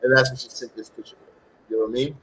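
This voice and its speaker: A self-styled shaman and spiritual reader pitches casually straight to camera, rambling, repeating himself, and checking in with "okay?" again and again. His husky, sharp voice is medium-pitched with little pitch movement and a fast pace, on a rough recording.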